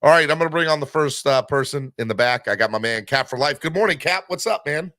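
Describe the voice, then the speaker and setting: A man hosting a live sports fan podcast, talking in an animated, rambling way with many fillers. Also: fairly high pitch, fast talker, dry recording, studio quality. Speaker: podcast host.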